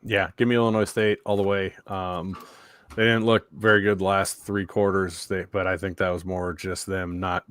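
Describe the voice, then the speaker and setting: A man's voice: low voice, level tone, normal speed, fairly bright tone. A man co-hosting a casual sports podcast, joking and self-mocking as he gives his picks. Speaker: podcast co-host.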